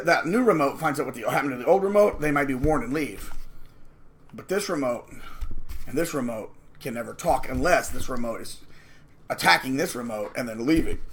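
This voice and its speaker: A man's voice: fairly high pitch, fairly bright tone. A man hosting his own channel, talking straight to the camera in an emphatic, sarcastic rant and acting out the voices he quotes. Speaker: channel host. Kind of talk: ranting monologue to camera.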